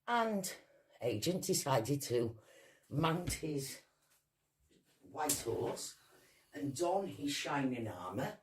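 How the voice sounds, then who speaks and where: A woman from Wales with a Welsh accent, ranting combatively and swearing freely in a vlog. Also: deep voice. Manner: combative, profane, mocking. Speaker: vlogger. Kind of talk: angry vlog rant.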